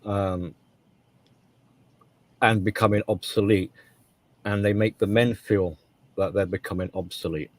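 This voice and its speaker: Lowish guy on a podcast, emphatic, keeps restarting, dry close sound. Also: fairly even intonation, measured pace, pauses often, no room sound. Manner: emphatic, repeats and restarts words. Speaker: co-host. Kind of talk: casual podcast discussion.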